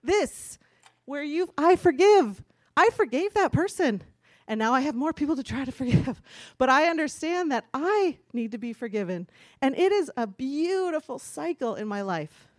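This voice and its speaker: A woman's voice: high voice, sing-song, moderate pace, no echo, clean studio sound. A woman giving a candid, chatty personal testimony from a church stage, laughing now and then as she talks. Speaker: speaker giving a church talk.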